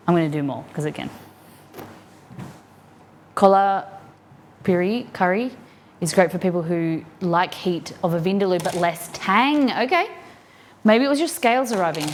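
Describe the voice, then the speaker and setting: An Australian woman streaming live as she cooks at home, chatting to herself and her ingredients and breaking into excited squeals. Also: fairly low pitch, unhurried, long pauses, a little hiss or hum. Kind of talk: casual live-stream cooking chat. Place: home kitchen.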